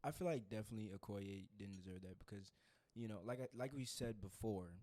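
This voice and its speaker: A woman's voice: extremely low pitch, fast talker, mellow. A woman co-hosting a podcast in casual chat, agreeing with and backing up her co-host.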